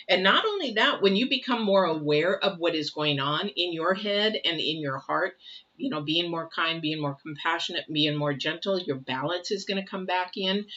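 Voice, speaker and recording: Older woman with a bright, chatty voice. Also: lowish voice. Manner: chatty, repeats phrases, asks rhetorical questions. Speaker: tarot reader. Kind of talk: casual spoken tarot reading. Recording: dull lo-fi recording.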